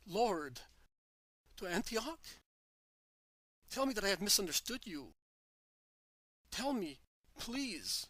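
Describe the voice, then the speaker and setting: A man's voice: high voice, very animated, takes it slowly, long pauses, sharp tone, no echo, heavily acted. A man reading aloud, voicing an old male teacher who pleads through sobs. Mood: desperate pleading. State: sobbing.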